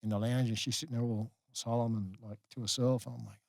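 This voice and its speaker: A middle-aged Australian man, a guest on a podcast, telling a personal story candidly, halting and restarting often. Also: medium pitch, steady tone, gravelly, darkish tone, no echo. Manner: halting, many restarts, earnest. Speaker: guest, former rugby league player.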